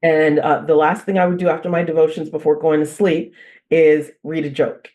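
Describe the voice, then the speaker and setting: A woman as the expert guest on a parenting interview, telling animated stories, repeating phrases for emphasis and laughing as she talks. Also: low-pitched, moderate pace, phone-quality sound. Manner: laughs while talking. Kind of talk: conversational interview.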